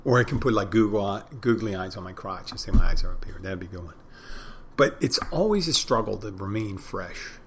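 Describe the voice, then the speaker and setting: A man with a fairly low voice talks through a loose, casual monologue for his podcast. He rambles jokily and drops into little acted-out greetings from his bartending job. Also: animated, a little fast, fairly bright tone. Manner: rambling, jokey, acts out greetings.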